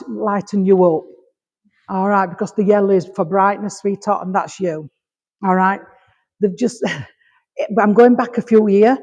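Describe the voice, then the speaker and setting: A medium from Rotherham, England, with a Yorkshire accent, gives messages to an audience in a village hall, calling people darling and sweetheart and asking "all right?" after almost every thought. Her voice is mid-range with a darkish tone. The hall adds a long reverb.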